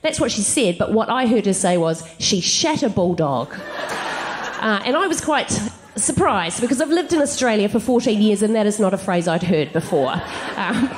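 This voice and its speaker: A middle-aged woman comedian telling stand-up stories to a live audience, giggly and animated with quick asides. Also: medium pitch, background noise. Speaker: comedian guest. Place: comedy venue stage before a live audience.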